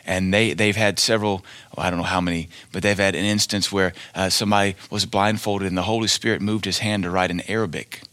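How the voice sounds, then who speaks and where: A man's voice: sits low, steady tone, fast, fairly bright tone, no echo. A male preacher giving a fiery sermon, blunt and scornful, hammering each point with emphatic declarations.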